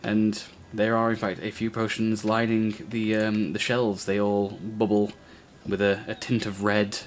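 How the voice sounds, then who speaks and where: Halting, easygoing male game master. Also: on the low side, slight background noise. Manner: relaxed, halting narration with many fillers. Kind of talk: narrating a tabletop game.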